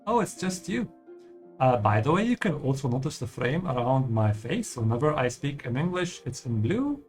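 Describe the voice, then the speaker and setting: A man's voice: medium pitch, big pitch swings, normal speed, a little mellow, soft background music. Patient male language teacher. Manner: patient, explanatory, ends points with a checking "yeah?". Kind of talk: explanatory lesson over gameplay.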